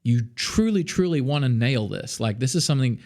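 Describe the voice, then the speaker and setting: A man's voice: mid-range voice, animated, a little fast, a little mellow. Chatty Australian man giving a vocal lesson. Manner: chatty, lots of fillers, sings demonstrations. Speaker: vocal coach.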